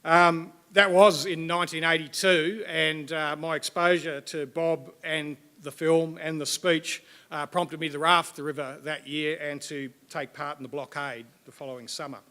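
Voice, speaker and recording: A man, the event host, giving a formal introduction of the evening's speaker in a measured way with some fillers. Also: fairly high pitch, fairly even intonation, pushed and bright.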